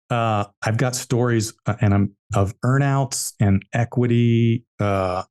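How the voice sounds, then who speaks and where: Taking his time, this podcast guest, an entrepreneur, recounts business stories emphatically and restates his key points. His voice is mid-range with a darkish tone.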